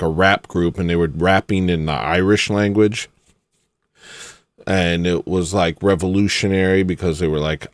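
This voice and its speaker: A man's voice: low voice, no room sound. Man ranting in a dry room. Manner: animated, mocking, with sudden outbursts. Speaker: channel host. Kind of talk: casual ranting monologue.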